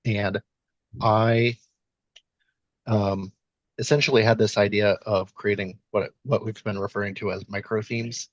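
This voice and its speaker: A low-voiced man speaks in a flat, husky tone through dull, lo-fi call audio. He talks hesitantly, filling his sentences with ums and likes. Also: measured pace, long pauses, no echo. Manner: hesitant, many fillers and "like". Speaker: meeting participant. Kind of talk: casual online meeting talk. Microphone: video call.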